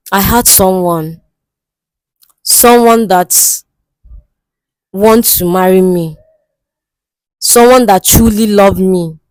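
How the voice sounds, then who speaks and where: A woman's voice: mid-range voice, darkish tone, dry recording, lightly acted, poor audio. A woman acting a distraught young woman in a comedy skit, crying and pleading for help, repeating herself. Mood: troubled. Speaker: guest seeking help. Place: studio.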